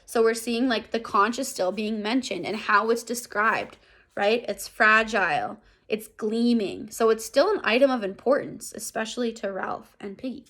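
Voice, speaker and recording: A woman's voice: fairly high pitch, normal speed, a bit bright. A woman English teacher recapping a lesson in a casual, chatty way, full of fillers and tag questions.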